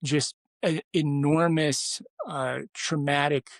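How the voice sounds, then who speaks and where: A man's voice: fairly high pitch, steady tone, slow, dry recording. A man who is a podcast guest, telling a personal story in casual conversation and rambling with many restarts and fillers.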